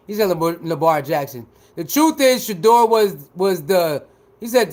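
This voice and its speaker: Man, livestream commentary, very high pitch, animated, emphatic. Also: moderate pace. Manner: animated, talks back to viewers, emphatic. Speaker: livestreamer reacting to chat.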